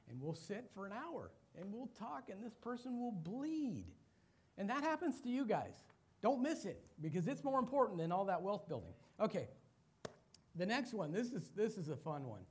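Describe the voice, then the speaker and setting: Animated middle-aged man telling stories. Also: sits high, moderate pace, a little hiss or hum. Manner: animated storyteller acting out quoted voices. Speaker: business owner giving a talk. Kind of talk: sermon-style talk with stories.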